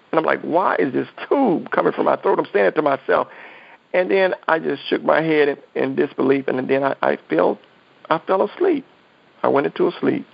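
A man telling his near-death story as a guest, earnest and halting, with frequent restarts. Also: mid-range voice, vocal fry, dull audio. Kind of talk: emotional testimony.

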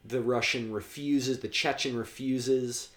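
A man's voice: fairly even intonation, measured pace, a bit bright, reverberant. A man in casual chat, recapping film scenes and quoting the characters' lines. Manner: retells scenes with quoted lines, drops to a low murmur.

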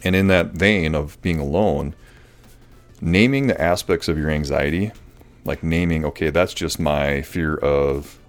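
A man's voice: a bass voice, a little slow, faint music behind. A man hosting a solo podcast in casual, rambling talk with many fillers, in a voice he says people find soothing. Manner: relaxed, rambling, with frequent fillers and restarts. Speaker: podcast host.

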